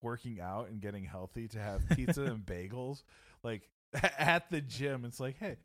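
A man's voice: medium pitch, expressive, moderate pace, fairly bright tone, dry recording, clean studio sound. A man co-hosting a casual podcast, cracking jokes, cursing and riffing on tangents. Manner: wisecracking, profane asides, riffing tangents. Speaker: podcast co-host. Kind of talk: casual movie podcast chat.

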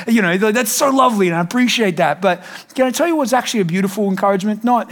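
A man preaching a sermon in a church, emphatic and animated, with jokey asides. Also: high-pitched, rapid-fire, few pauses. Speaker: pastor.

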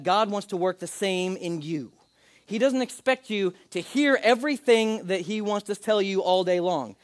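A male pastor in his thirties giving a conversational sermon, slipping into quick acted quotes. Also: sits high, dry recording, studio quality.

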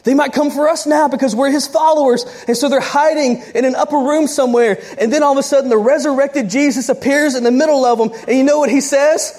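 Animated woman preaching a sermon. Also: high voice. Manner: animated storytelling, quick asides and laughs.

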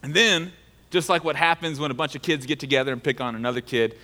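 A man preaching a sermon in a relaxed, joking way, with a voice a bit higher than most men's. He explains the text with light asides. The sound carries the long reverb of a large hall. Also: fast. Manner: casual and joking. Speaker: pastor.

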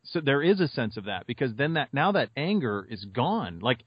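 A man from Montana, co-hosting a sports podcast and telling rambling stories in a casual, animated way. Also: mid-range voice, moderate pace, slightly rough, no room sound, highs cut off. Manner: animated storyteller, rambling with fillers. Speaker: podcast co-host and sports radio host.

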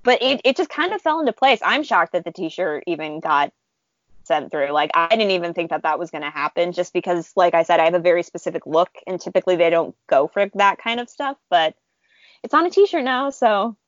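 A woman, a fan artist, telling a story in a casual interview, chatty and animated, with many fillers. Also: lowish voice, fairly quick, no echo, highs cut off.

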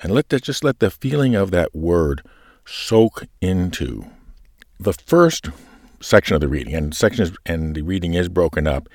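A man's voice: low voice, animated, normal speed, darkish tone, no echo, clean studio sound. A man explaining to church readers how to pace and voice a scripture reading, then demonstrating it. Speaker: lector coach. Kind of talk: reading instruction.

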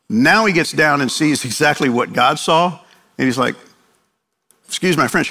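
A man's voice: fairly high pitch, moderate pace, long pauses, pushed and bright, big-room sound. An older man preaching a sermon in a conversational way, acting out quotes from the text. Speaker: pastor.

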